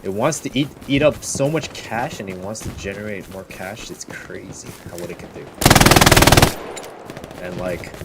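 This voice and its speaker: A boastful man talks in a loose, profane way, with a low-pitched voice. Heavy gunfire and artillery from the game he plays pound loudly behind him. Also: animated, moderate pace, heavy background noise. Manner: brash, profane, bragging. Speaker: gaming streamer. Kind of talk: boastful casual gameplay commentary. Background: loud gunfire and artillery from the game.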